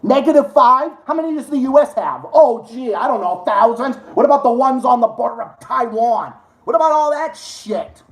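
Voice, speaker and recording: A man's voice: extremely high pitch, lively intonation, normal speed. A man hosting a live stream, ranting to his chat with heavy swearing and sarcasm. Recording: roomy echo.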